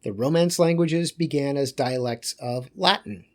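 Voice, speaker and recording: A man's voice: on the high side, a little slow. Man giving a chatty lecture. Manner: conversational with joking asides. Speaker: teacher. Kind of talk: recorded lecture.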